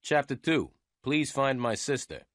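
A man giving a clear, measured first-person story narration for English learners. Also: mid-range voice, sing-song, dry recording, studio quality.

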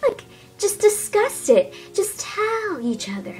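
A woman voicing an earnest school counselor who coaxes a feuding mother and son in a slow, patient way. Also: very high-pitched, big pitch swings, a little mellow, full character voice, poor audio. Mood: coaxing.

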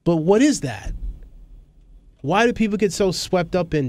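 A middle-aged man talking candidly as a guest in an interview, rambling and animated as he tells stories. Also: fairly high pitch, normal speed, dry recording. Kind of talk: conversational interview.

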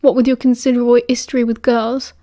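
A woman's voice: a little high, little pitch movement, fast, dark tone, natural voice. A woman with a British accent voicing a prickly, tired teenage boy who answers curtly and coldly. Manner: curt, cold, clipped.

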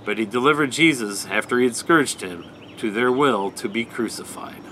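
A man leading a night prayer service, giving a measured, even scripture reading. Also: mid-range voice, a little hiss or hum, low-quality recording.

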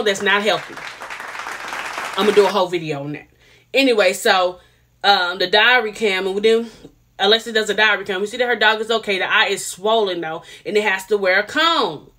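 A woman's voice: medium pitch, a bit bright. A woman, giving casual, sassy commentary on a reality TV episode and repeating herself for emphasis. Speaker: reality TV reviewer.

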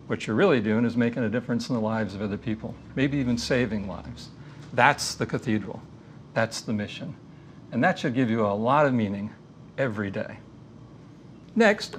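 Earnest man giving a measured lecture. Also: medium pitch, a little hiss or hum. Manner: earnest, measured, storytelling teacher. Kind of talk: recorded faith-based lecture.

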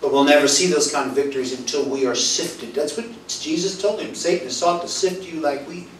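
A male pastor preaching a sermon, telling stories and acting out dialogue, his voice swinging from loud to soft. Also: on the high side, a little fast, a little hiss or hum. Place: church hall. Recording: roomy echo, voice from far off, faint ambience.

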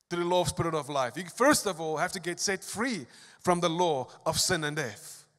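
A man preaching a sermon as a pastor, swinging between emphatic, rising lines and quiet asides. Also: high voice. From South Africa. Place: large church hall. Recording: long church hall reverb.

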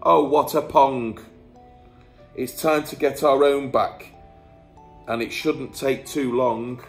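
A man's voice: medium pitch, steady tone, takes it slowly, soft background music, voice pushed up. A man voicing a grumpy old male hermit crab in a read-aloud bedtime story, exclaiming and scheming. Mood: indignant. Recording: echoey room.

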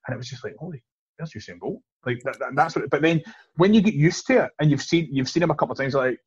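A man with a Glaswegian Scottish accent, a guest telling stories in a quick, chatty way with frequent restarts. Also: on the high side, slightly rough, no room sound. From East End of Glasgow, Scotland. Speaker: guest, Olympic hammer thrower. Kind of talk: casual podcast chat. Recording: dull, lo-fi podcast recording.

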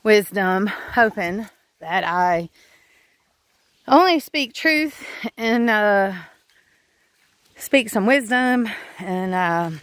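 A woman homesteader vlogs frankly into her phone outdoors on her farm, rambling along with sighs and fillers in casual talk to camera. Her mid-range voice is animated but extremely slow, with frequent pauses, and there's no room sound.

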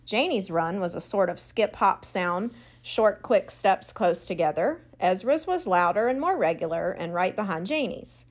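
A woman narrating a children's audiobook in a clear, expressive storytelling voice. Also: medium pitch, moderate pace.

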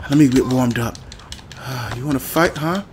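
A man's voice: medium pitch, a little slow, slight background noise. A man commentating a video game playthrough with goofy mock-angry outbursts and apologies. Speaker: gameplay commentator. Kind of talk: let's play commentary.

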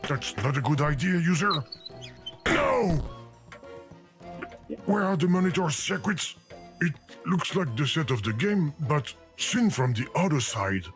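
A man's voice: a little high, animated, unhurried, pauses often. A man voicing a fussy, exasperated game narrator who scolds the player in a prim, fretful manner. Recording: game audio with faint music.

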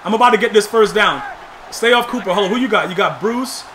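A man giving live gameplay commentary, slangy and trash-talking, bursting into shouts at big plays. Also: sits high, quick pace, background noise. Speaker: gamer.

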